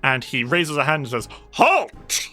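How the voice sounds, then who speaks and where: A game master narrating a tabletop game in a relaxed, meandering way with many fillers. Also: medium pitch, a little slow, faint music behind.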